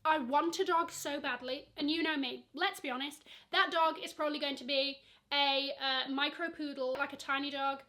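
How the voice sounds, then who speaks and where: Bright-voiced young woman vlogging. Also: high-pitched, fairly even intonation, normal speed. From Nigeria. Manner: chatty, lots of fillers, playful asides. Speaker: luxury vlogger. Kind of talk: casual Q&A vlog.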